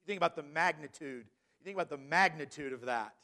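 A man preaching a sermon as pastor, reading scripture slowly and stressing key words. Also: a little high, gravelly, bright, forceful tone. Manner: preaching, reads scripture in King James wording, slows for emphasis.

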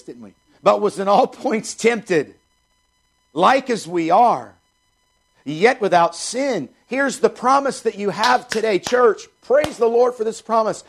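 A man's voice: sits high, creaky. A male pastor preaching a sermon, reading scripture and repeating points with rhetorical questions.

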